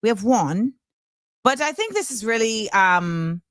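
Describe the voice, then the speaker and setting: A woman's voice: on the high side, measured pace, dry recording. Chatty woman host with a dry sound. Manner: animated, chatty, lots of fillers and laughs. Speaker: show host. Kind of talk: casual commentary show.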